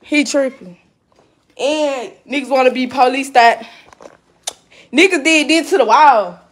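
A woman's voice: high-pitched, unhurried. A woman on a live stream ranting heatedly and profanely, repeating herself and laughing between jabs. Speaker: livestreamer. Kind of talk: casual live-stream rant. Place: indoors at home. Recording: echoey room.

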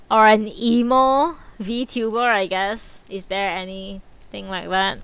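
Slow, blunt woman who swears a lot. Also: level tone, a bit bright, clean tone, dry recording. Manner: blunt, swears a lot, low-energy and dry. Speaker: streamer. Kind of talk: casual live-stream chat.

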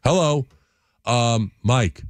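Radio host doing an older quarterback on the phone, flattering and salesy, dry mic. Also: male voice, mid-range voice, drawn-out words, no room sound. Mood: persuasive. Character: veteran quarterback man, smooth recruiting pitch.

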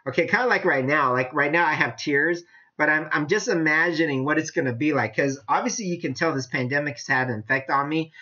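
Animated, chatty male preacher. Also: fairly high pitch. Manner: animated, chatty, laughs often. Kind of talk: casual sermon teaching. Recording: dull lo-fi sound.

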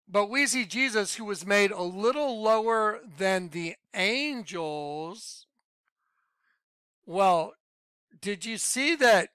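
A man giving an informal Bible teaching, emphatic, quizzing the listener with yes-or-no questions and swinging between loud outbursts and muttered asides. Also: high voice, clear, resonant tone, dry recording. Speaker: self-styled Bible teacher.

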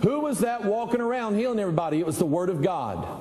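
A man's voice: high-pitched, animated, quick pace, dark tone, reverberant, in a large hall, poor audio. A middle-aged male pastor, preaching a folksy, conversational sermon full of rhetorical questions.

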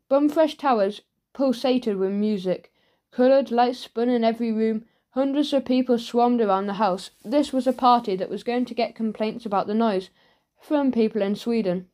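Lively woman reading a children's book. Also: fairly high pitch. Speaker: audiobook narrator. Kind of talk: children's audiobook narration.

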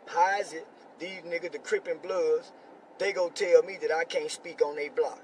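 A man speaking as a community activist rants with heated indignation, hammering the same points again and again. He sits fairly high in pitch and a bit far from the mic, with faint traffic noise outdoors behind him. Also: fairly even intonation, normal speed. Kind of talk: angry live-video rant.

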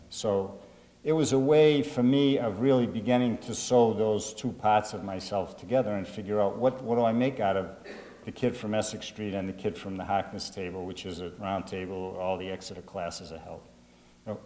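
A low-voiced man with a thick Boston accent talks earnestly, often starting over mid-sentence. His voice trails off into a long hall reverb. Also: normal speed, warm tone. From Greater Boston. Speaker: author. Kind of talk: reflective interview and address to students.

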